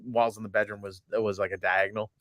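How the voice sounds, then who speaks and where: A man co-hosting a podcast with his wife, answering her teasing with dry, deadpan, self-deprecating humor. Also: lowish voice, fast, dry recording, muffled recording. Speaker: podcast co-host. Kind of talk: casual married-couple banter.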